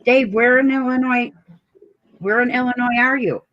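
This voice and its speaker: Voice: mid-range voice, fairly even intonation, moderate pace, a bit bright, lo-fi sound, a little hiss or hum. A co-host on a casual stream, curious and asking many questions in a drawling way.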